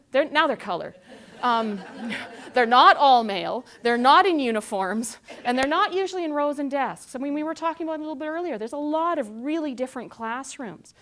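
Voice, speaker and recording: A woman in her forties giving a lively, conversational talk, asking the audience questions and acting out scenes. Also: high-pitched, brisk. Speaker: conference speaker.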